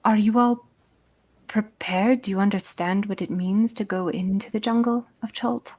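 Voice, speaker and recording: A gracious female jungle guide speaks in courteous, formal sentences with a British accent, as a woman puts her on. Her pitch is middling, and the phrasing is polished and polite. She sounds well mannered and sure of herself. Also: steady tone, moderate pace, darkish tone, breathy edge, lightly acted. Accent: British, put on.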